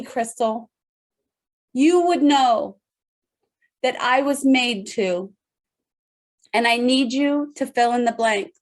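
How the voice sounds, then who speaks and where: A woman's voice: a little high, unhurried, long pauses. A middle-aged woman, a leadership speaker, giving an emphatic motivational talk to an online audience over a video call, speaking straight to listeners and repeating phrases for weight.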